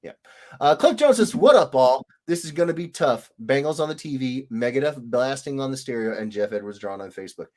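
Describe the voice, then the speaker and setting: Lively man hosting a livestream. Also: mid-range voice, brisk. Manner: animated, reads viewer comments aloud in sing-song greetings. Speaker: livestream host, illustrator. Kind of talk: casual livestream chat.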